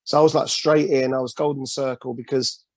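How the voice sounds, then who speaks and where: A man with a North London accent, a guest on a podcast video call, telling his story in a relaxed way. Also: mid-range voice, a little fast, no room sound. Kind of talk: casual video-call interview.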